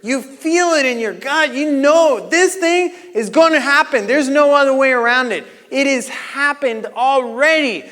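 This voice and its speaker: Male seminar coach, forceful and slow, rallying the crowd on mic; reverberant hall. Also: very high voice. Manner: exhorting, rising to shouts. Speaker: workshop leader. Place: large seminar hall with audience. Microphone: handheld mic.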